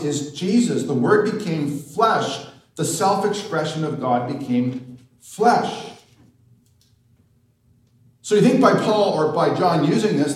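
A man preaching a sermon, putting rhetorical questions to the congregation and slowing down for emphasis. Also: a little high, darkish tone. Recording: echoey room, mic at a distance.

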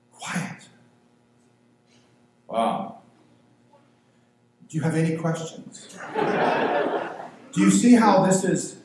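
A man's voice: medium pitch, darkish tone. Echoey fifty-something male preacher. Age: 50s. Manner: conversational and self-deprecating, with slow emphatic phrases. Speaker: pastor. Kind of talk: sermon. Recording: very echoey room with faint ambient noise.

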